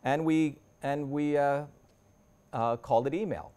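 A man's voice: a little high, a little slow, mellow, clear, resonant tone. A man in his fifties giving a lecture to a university audience as an invited speaker. He talks the audience through his slides in a conversational way, restarting and rephrasing often.

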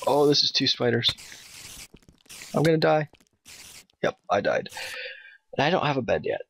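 A man giving nervous, excitable let's play commentary, talking to his in-game dog. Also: medium pitch, moderate pace, slight background noise. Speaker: gamer playing a Minecraft map. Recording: dull, dry home mic.

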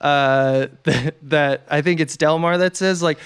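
A man's voice: fairly high pitch, level tone, measured pace, hardly any pauses, fairly bright tone, smooth. A man co-hosting a podcast, chatting eagerly about a film and laughing often. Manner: enthusiastic, laughs often, quotes lines playfully. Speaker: podcast co-host. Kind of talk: casual film discussion.

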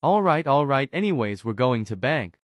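A woman's voice: rumbling low, sing-song, normal speed, no echo, clean studio sound. A woman doing crude teasing teen boy. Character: teasing teenage boy Alex. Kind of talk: Roblox roleplay voice acting.

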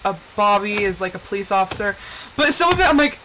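Slightly high-voiced woman from the Southwest, casual rambling streamer, chatty and self-talking. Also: big pitch swings, moderate pace, noisy background. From Southwestern United States. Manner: rambling, chatty, talks to herself, many fillers. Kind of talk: casual gameplay chat.

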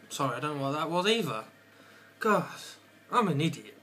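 Rambling English teen with a bright voice. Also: male voice, on the high side, big pitch swings, moderate pace, long pauses. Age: teens. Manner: rambling, offhand and goofy, slipping into silly accents. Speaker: vlogger. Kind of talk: casual vlog chat. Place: bedroom at home.

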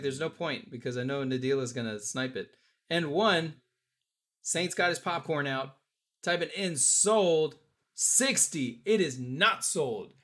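A man's voice: on the high side, fairly bright tone. A man hosting a live-stream auction, joking with bidders and counting down bids. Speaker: auction host.

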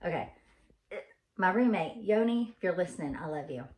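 A woman's voice: on the low side, lively intonation, normal speed, darkish tone. A woman from Arkansas with a Southern accent, telling a rambling story in a casual, chatty way with lots of ums. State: tired. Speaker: vlogger. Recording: echoey room.

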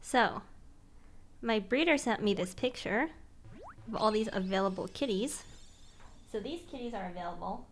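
A young woman streaming, chatting casually and excitedly with viewers, gushing and giggly with lots of slang. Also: medium pitch, normal speed, long pauses, slight background noise.

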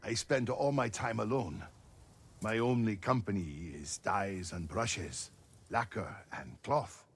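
A lonely old dye merchant speaks with formal, somber courtesy. His low voice is gravelly and husky. He sounds like a game character. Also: slow, exaggerated voice. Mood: somber, courteous.

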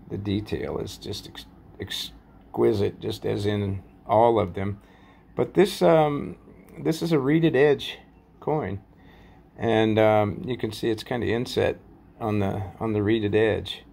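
A man casually rambling through a show-and-tell vlog about his collection, halting often with fillers and folksy sign-offs. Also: lowish voice, creaky, a little mellow. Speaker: coin collecting vlogger.

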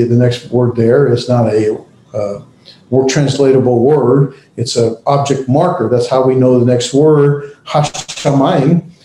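A man teaching a class, speaking haltingly with many pauses and restarts. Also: mid-range voice, warm tone, echoey room, a little hiss or hum, low-quality recording. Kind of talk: classroom lecture.

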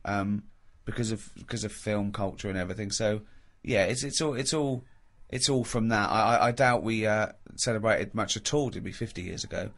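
A middle-aged man chats loosely as a podcast host, teasing his companions and hesitating with fillers. His speech often tips into high, hooting laughter. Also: a little fast, few pauses, fairly bright tone. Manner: mocking, breaks into high laughter. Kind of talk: casual chat.

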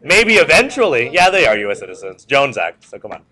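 A man's voice: mid-range voice, a little fast. A man teaching a history lecture to a class, repeating key points and joking with students. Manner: repetitive, animated, joking asides to students.

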